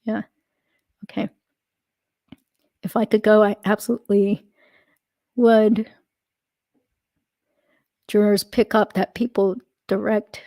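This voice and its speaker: Chatty woman host with gravelly fry. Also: medium pitch, level tone, takes it slowly, pauses often, dark tone, no echo. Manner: chatty, thinks aloud with many fillers, laughs easily. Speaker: livestream host reading chat comments. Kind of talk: casual live chat.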